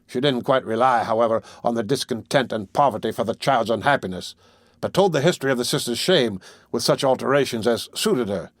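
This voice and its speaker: A man narrates a classic novel for an audiobook in an even, unhurried voice of middling pitch. The recording is dry and close, with no room sound. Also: no room sound. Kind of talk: scripted narration.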